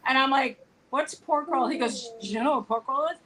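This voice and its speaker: A woman co-hosting a casual live-stream chat, telling stories with lively quoted dialogue. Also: sits high, fairly quick, crowd noise, low-quality recording. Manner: chatty, animated storytelling with quoted dialogue. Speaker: co-host. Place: home.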